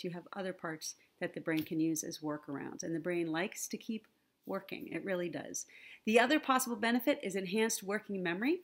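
A woman's voice: mid-range voice, a bit bright. A woman presenting an online conference talk with slides, friendly and teacherly, often checking in with "right?" and "okay?". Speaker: conference speaker on the brain and language learning. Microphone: computer mic, online presentation.

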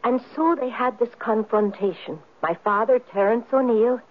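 A woman's voice: fairly high pitch, moderate pace, lightly acted. A woman playing a spirited young Irish lass. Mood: recounting. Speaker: Katie O'Neill. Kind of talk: 1970s radio drama acting. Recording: tinny lo-fi old radio broadcast.

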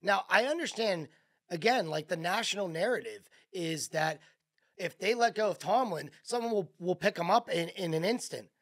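A man's voice: high-pitched, expressive, normal speed. A man co-hosting a sports talk show, getting worked up and firing off exclaimed questions. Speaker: co-host.

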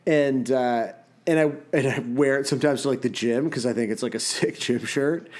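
A man's voice: mid-range voice, moderate pace, darkish tone. A young man co-hosting a podcast, talking casually in a rambling way with many fillers and frequent laughs. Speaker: podcast co-host. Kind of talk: casual chat.

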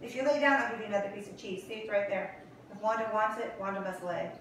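A woman's voice: mid-range voice, steady tone, fast talker, fairly bright tone, slight background noise. A woman dog trainer talking casually while coaxing a puppy through commands in sing-song calls. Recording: echoey room, far from mic.

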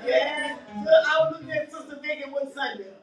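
A woman pastor delivering a fervent sermon, building up to shouts and often breaking into laughter. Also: high voice, brisk. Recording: echoey church audio from far off.

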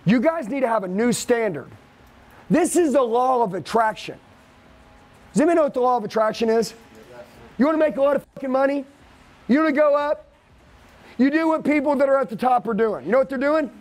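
A man with a high voice drives a live sales seminar for a room of trainees. He rants, swears and pushes them hard, with no letup in his pressure. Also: lively intonation, brisk, pauses often, a little mellow. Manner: profane, aggressive, hyped-up lecturing.

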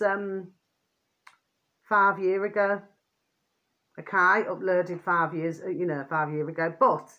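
A woman vlogger talking in a rambling, repetitive way to her viewers, often irritated and venting. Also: medium pitch. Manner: rambling, repeats pet phrases, asks "do you see what I mean". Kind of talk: rambling casual monologue to viewers.

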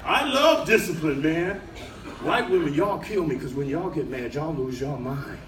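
A man doing stand-up comedy to a live audience, animated and bursting into shouted punchlines. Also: on the high side, normal speed, a little hiss or hum. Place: cruise ship showroom, live audience. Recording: echoey room, far mic, crowd laughter.

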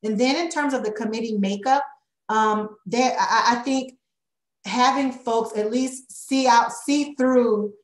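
A woman's voice: fairly high pitch, a little slow. A woman consultant answers board members' questions at a meeting, thinking aloud with fillers and "right?" tags. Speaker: consultant presenting to a school board. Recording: echoey meeting room.

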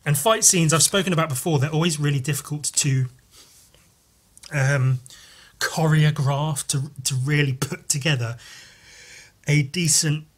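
A man hosting a podcast, over-caffeinated and chatting casually while flipping through comics. He rambles and swears, with jumpy, excited talk. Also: measured pace, pauses often. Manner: wired, rambling and profane, jumping in pitch. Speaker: podcast host and comic artist.

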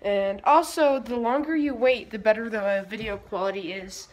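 A woman's voice: a little high, normal speed. Chatty teen girl filming her dogs. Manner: chatty, playful baby-talk to her dogs. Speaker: vlogger. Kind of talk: casual vlog talking to dogs and viewers. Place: family home, indoors. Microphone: phone camera.

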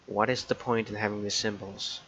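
Low-ish bright voiced guy cussing at a video game, dull lo-fi mic w faint hiss. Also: flat delivery, a little fast. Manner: swears a lot, irritable muttering. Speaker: gameplay commentator. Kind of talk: casual let's play commentary.

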